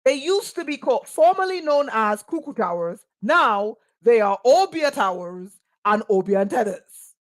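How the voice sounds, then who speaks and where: A woman's voice: on the high side, sing-song, normal speed. A woman, a spiritual teacher delivering an impassioned monologue full of rhetorical questions and sarcastic asides.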